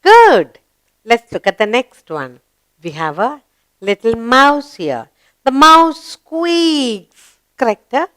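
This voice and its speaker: Slow, lively woman teaching small children. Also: on the high side, clear, resonant tone, no room sound. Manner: slow, sing-song questions to young learners. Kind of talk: children's grammar lesson.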